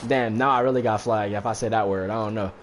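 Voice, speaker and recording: A man's voice: fairly low pitch, fairly even intonation, quick pace, noisy background. A man casually retelling a movie plot in slangy, profane speech, full of fillers and asides. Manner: rambling, heavy fillers, profane. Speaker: streamer recapping a movie while gaming.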